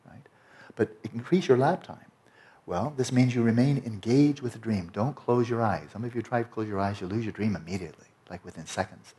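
A man teaching a meditation retreat in a relaxed, conversational way, often checking in with his listeners. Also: on the low side. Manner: conversational, frequent "you know" and "right?".

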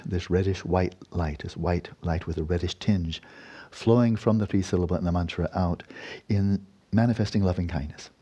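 A man giving a Buddhist dharma talk and guiding a meditation. He talks in an unhurried, rambling way, often adding tag questions and soft laughs. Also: deep voice, slightly rough. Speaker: meditation teacher.

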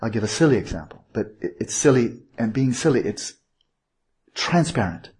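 A man with a deeply husky, breathy voice delivers a meditation teaching at a mid-range pitch. He wanders and corrects himself mid-sentence, then drives points home with rhetorical questions. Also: lively intonation, normal speed, a little mellow. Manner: digressive, self-correcting, asks rhetorical questions. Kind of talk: informal Buddhist teaching talk.

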